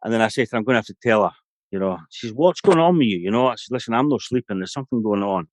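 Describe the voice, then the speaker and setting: A middle-aged man from Scotland, appearing as a podcast guest, tells a long personal story in a rapid-fire, lowish voice. His telling is rambling and anecdotal, packed with "you know".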